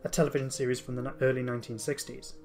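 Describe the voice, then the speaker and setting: A podcast host talks enthusiastically in a casual discussion, frequently halting and restarting his sentences. His mid-range voice stays fairly flat in pitch with a darkish tone, and faint music plays behind him.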